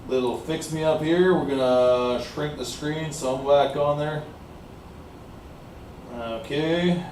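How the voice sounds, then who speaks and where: A man's voice: a little high, darkish tone, far from the mic. A man from Canada talks in a loose, rambling monologue, leaning on "like I said" and "uh" as he goes. He's winded from exercise. The sound is roomy and off-mic, with a faint hiss underneath. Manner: rambling, repeats "like I said", pauses with fillers. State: out of breath from exercising. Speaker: vlogger. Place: small warm room indoors.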